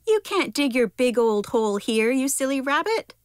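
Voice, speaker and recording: A woman's voice: sits high, big pitch swings, moderate pace, smooth, no echo, clean studio sound, voice pushed up. A woman voicing an angry, indignant male worm in a storybook read-aloud. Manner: shouting, indignant.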